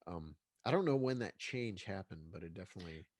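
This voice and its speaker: A man's voice: deep voice, animated, brisk, no echo, studio quality. A man talking as a guest in a casual interview, congested, rambling along with many restarts and fillers. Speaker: guest filmmaker.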